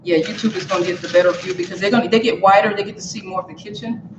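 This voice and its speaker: A woman's voice: mid-range voice, fairly even intonation, very fast, background noise. A woman hosting a live cooking demo from her kitchen, talking straight to viewers and laughing often. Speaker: cooking show host. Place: home kitchen. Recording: echoey kitchen, dull lo-fi sound.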